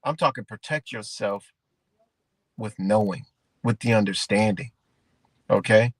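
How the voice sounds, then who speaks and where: A man's voice: lowish voice, a little slow, no room sound. Profane rambling man ranting on livestream. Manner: addresses viewers as guys. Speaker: livestream host. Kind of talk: casual livestream rant.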